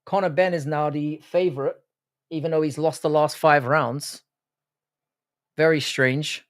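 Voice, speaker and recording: An Irish man hosts a live fight watch-along stream, speaking in a slightly raised pitch. His delivery is casual and peppered with swearing. He reacts to the action as it happens and answers his chat. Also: fairly even intonation, a little slow. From Ireland. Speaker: livestream host.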